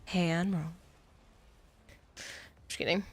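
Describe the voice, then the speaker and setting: A young adult woman game streamer chats playfully from home, laughing often and teasing her chat. Her low-leaning voice is steady and unhurried with a breathy edge, and her studio mic with a pop filter picks up no room sound.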